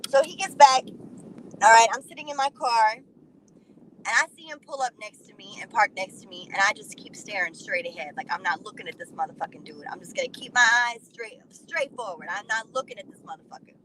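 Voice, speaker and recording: A woman telling a personal story in a blunt, animated way, swearing freely. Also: fairly high pitch, brisk, a little hiss or hum, low-quality recording. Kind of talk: casual profane storytelling.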